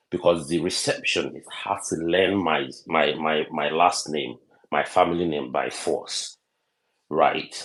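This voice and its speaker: A man with a Nigerian accent tells a personal story in an online audio chat room. He talks earnestly, repeats himself and asks rhetorical questions. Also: sits low. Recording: online audio room over a phone mic.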